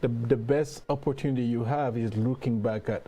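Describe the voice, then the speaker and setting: A man hosting an interview, asking questions with a hesitant, repeating delivery. His voice has a mellow, dark tone. A faint hum runs behind him. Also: mid-range voice, steady tone, moderate pace. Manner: hesitant, repeats words while framing questions. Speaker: host.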